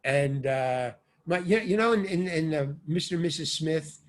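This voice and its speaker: An older man, an actor and stand-up comedian, telling rambling anecdotes as an interview guest, with sudden swings between loud and soft. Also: a little high, moderate pace. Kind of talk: casual anecdotal storytelling.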